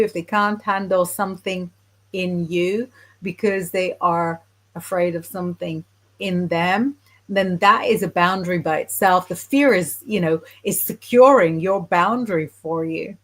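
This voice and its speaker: A woman's voice: mid-range voice, fairly bright tone. A woman teaching psychic development, chatting frankly on a live stream while she reads viewer comments aloud.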